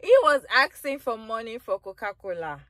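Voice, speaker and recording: A woman's voice: on the high side, lively intonation, moderate pace, no echo. A woman vlogger giving reaction commentary in an emphatic way, repeating phrases for effect.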